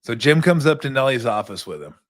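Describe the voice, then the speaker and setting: A middle-aged man hosting a talk show and telling an animated story, often repeating words as he goes. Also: medium pitch, brisk. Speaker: host, former basketball player. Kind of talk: casual storytelling.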